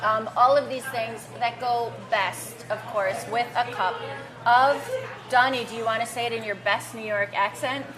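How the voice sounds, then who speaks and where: Woman, food show host, chatty, laughs easily, high voice, music behind. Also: fairly even intonation, moderate pace, poor audio. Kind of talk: casual chat. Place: diner. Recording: background music in a diner.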